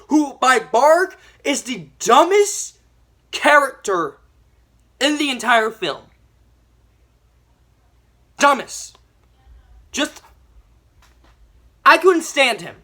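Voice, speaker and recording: A young woman giving a ranting movie review, animated and exasperated, with mild swearing. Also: high voice, takes it slowly, pauses often.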